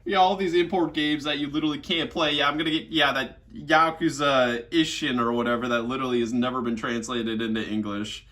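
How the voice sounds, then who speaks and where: A man's voice: mid-range voice, steady tone, a little fast, hardly any pauses, sharp tone. A man hosting a reaction video, mocking and exasperated, swearing often and laughing as he talks. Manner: laughs while talking. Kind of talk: sarcastic reaction commentary.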